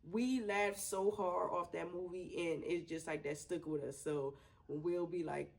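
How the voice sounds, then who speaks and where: Woman with a gravelly, creaky voice. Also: fairly low pitch, steady tone, measured pace, poor audio. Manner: loose and chatty, full of "like" and laughter. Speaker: interviewee remembering her late twin brother. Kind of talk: casual interview.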